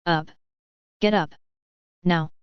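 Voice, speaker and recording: A woman's voice: lowish voice, fairly even intonation, extremely slow, clear, resonant tone, no echo, highs cut off. A woman reading the part of a harsh, bossy aunt who scolds and commands. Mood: scolding.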